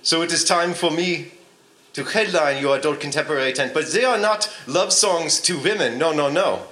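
A pompous, mock-serious revolutionary with a thick put-on German accent, done by a man, preaching at a festival crowd. The tone is bright and edgy, and the sound bounces around a roomy live space. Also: fairly high pitch, normal speed. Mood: mock-lecturing. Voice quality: pompous, deadpan mock-lecturing. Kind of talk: improv comedy character bit. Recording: echoey live room.

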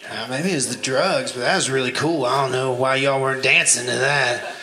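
A man's voice: mid-range voice, fairly even intonation, a little fast, background noise. A man emceeing a live comedy set in loose, rambling patter.

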